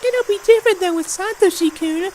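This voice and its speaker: Rena: a woman doing an eerie girl with a very high voice. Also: brisk, a little mellow, slight background noise, low-quality recording. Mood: creepy sweet. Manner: sweet sing-song menace, repeats herself. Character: eerie teenage girl stalking a frightened boy. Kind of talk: fan voice acting of a game.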